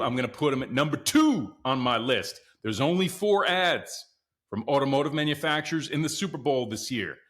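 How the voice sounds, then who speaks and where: Excitable man hosting a casual podcast. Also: mid-range voice. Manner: excitable, chatty, often addresses listeners as guys. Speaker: podcast host. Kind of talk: casual solo commentary.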